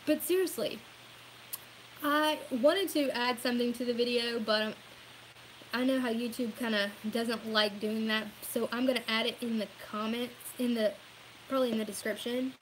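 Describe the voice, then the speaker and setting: High-pitched Southern woman vlogging. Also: steady tone, normal speed, slight background noise, low-quality recording. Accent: Southern US, Louisiana. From Louisiana. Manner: rambling, earnest, says y'all, laughs at herself. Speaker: political vlogger. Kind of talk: casual opinion vlog.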